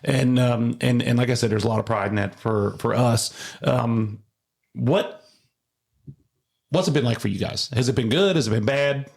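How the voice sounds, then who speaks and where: A man's voice: mid-range voice, normal speed, vocal fry, darkish tone. A man, a home builder hosting a casual podcast, rambling through stories with many restarts.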